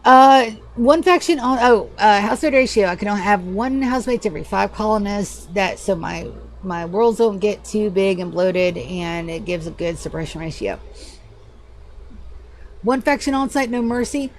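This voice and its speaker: A woman's voice: mid-range voice, moderate pace. A woman livestreamer talks loosely to her viewers at a desk microphone, swearing freely and bouncing between topics. Her voice sits in a middle register, with a faint hiss and room sound behind it. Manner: chatty, profane, animated, yawning. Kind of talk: casual gaming livestream chat.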